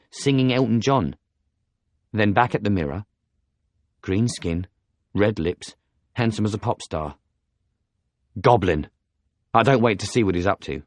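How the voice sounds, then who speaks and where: A man reading a novel aloud as an audiobook narrator, in steady first-person storytelling. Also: on the low side, no echo, clean studio sound.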